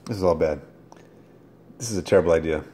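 A man reviewing products in a casual vlog, easily exasperated and breaking into loud, profane outbursts. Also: low-pitched, fast, slight background noise.

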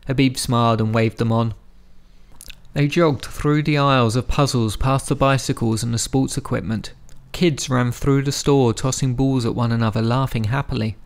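A man narrating an audiobook in a steady, measured storytelling manner. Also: medium pitch, smooth.

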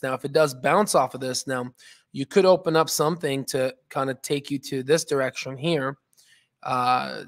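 A man hosting a stock market channel, walking through a chart in casual, rambling talk full of fillers and restarts, sounding a bit tired. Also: medium pitch. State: yawning, tired.

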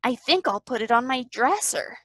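A woman voicing a timid, sweet little male piglet from a storybook, speaking softly. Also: a little high, lively intonation, normal speed, dry recording, studio quality.

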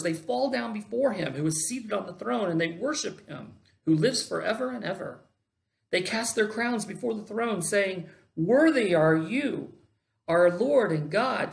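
A pastor preaching a sermon, reading a long scripture passage aloud with dramatic pitch swings and slowed phrases. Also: vocal fry.

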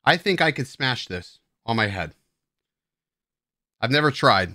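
A man's voice: mid-range voice, big pitch swings, a little slow, pushed and bright, no room sound, clean studio sound. Rambling, self-mocking male stream host. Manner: tipsy and playful while drinking beer. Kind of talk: casual live-stream chat. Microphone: headset at a streaming desk.

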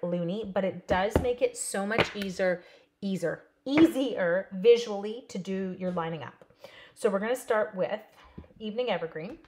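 In a casual live demo, a woman with a medium-pitched voice teaches a card-stamping class, chatting with her viewers by name. There's slight background noise.

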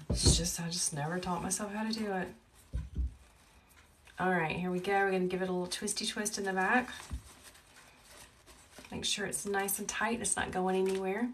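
A woman with a Southern US accent hosting a live wreath-making tutorial, chatty and talkative, with a calm, soothing voice. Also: on the low side. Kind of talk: live crafting tutorial chat. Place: home wreath workshop. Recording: a bit distant from the mic, faint background noise.

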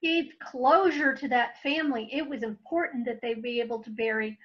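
Female interviewer, high pitch, encouraging, lo-fi recording. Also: moderate pace. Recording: dull lo-fi audio.

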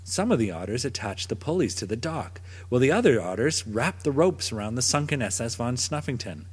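A man reading a children's picture book aloud in a gentle, expressive storytelling manner. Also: medium pitch, a little fast, breathy edge. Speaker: storybook narrator. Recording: long reverb.

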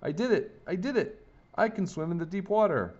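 A man's voice: on the low side, very animated, brisk, a little mellow, lo-fi sound. A man voicing an earnest, eager young boy who is learning to swim. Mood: excited. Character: young boy, eager swimmer with a sore leg.

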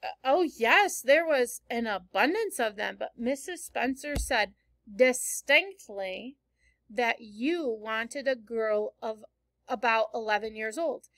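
A woman's voice: fairly high pitch, lively intonation, takes it slowly, a bit bright, dry recording, heavily acted. A woman reading aloud as an eager, talkative eleven-year-old orphan girl, gushing and dramatic. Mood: earnest.

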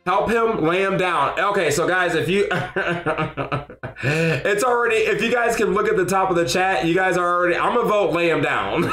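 Excitable high-voiced male streamer. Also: roomy sound. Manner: excitable, shouts and laughs often, talks to chat. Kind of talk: live gameplay stream chat. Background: faint game music.

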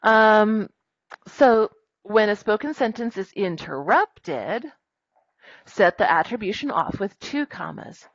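A woman teaching a grammar lesson in a classroom, brisk and firm with her students as she dictates punctuation aloud. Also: mid-range voice, animated, no room sound, lo-fi sound.

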